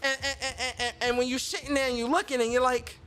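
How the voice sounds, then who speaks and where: A man's voice: very high-pitched, level tone, fast, sharp tone, soft background music. A man hosting a podcast, ranting bluntly with profanity and stammering repeats. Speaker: podcast host. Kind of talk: casual ranting commentary.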